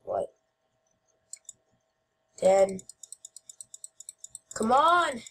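A woman giving playful gameplay commentary as host, goofy and shouting mock-angrily at other players. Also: high-pitched, expressive, slow pace, long pauses, husky.

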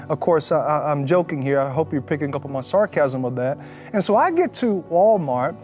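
A man with a notably high voice tells his faith testimony as a lively, animated story. He slips in sarcastic jokes and acts out the people he quotes. Soft music plays faintly behind him. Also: brisk. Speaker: person sharing a faith testimony.

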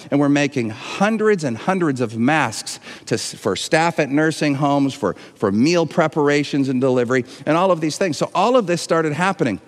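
With a medium-pitched voice and a long reverb tail, this pastor preaches earnestly and emotionally in a livestreamed sermon for online viewers, repeating words and restarting often.

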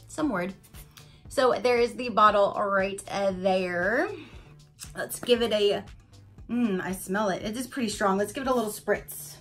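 An unboxing vlogger reviews a product casually, her medium-pitched, slightly bright voice moving at a measured pace over soft background music. She gushes and chats straight to her viewers, packing her talk with "like" and "you guys."

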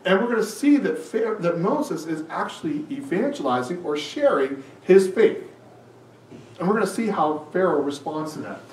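Male pastor, high and expressive delivery, heard from a distance in a reverberant hall, faint room noise. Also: moderate pace. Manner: animated preaching, acts out quoted lines. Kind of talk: sermon. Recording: echoey room, mic at a distance.

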